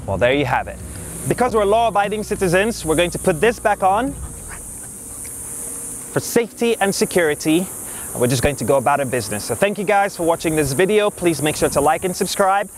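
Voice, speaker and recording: A man's voice: high-pitched, very animated, fairly quick, a little hiss or hum. A man who trains dogs, talking in a casual, upbeat way outdoors in a park. He explains his methods and turns often to praise and direct his dog. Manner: upbeat, talks to the dog in bursts between explanations. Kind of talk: casual instructional vlog.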